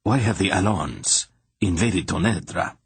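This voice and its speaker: A man's voice: deep voice, lively intonation, measured pace, breathy edge, no echo, heavily acted. A man voicing an irritable, blustering little emperor who snaps indignantly in an audiobook. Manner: indignant, snapping.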